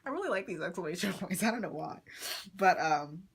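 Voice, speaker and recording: A woman's voice: on the low side, lively intonation, brisk, slight background noise. A young woman leading a casual Bible study vlog, talking with enthusiasm and reading verses aloud, with plenty of "like" and "you know". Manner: reads scripture verses aloud.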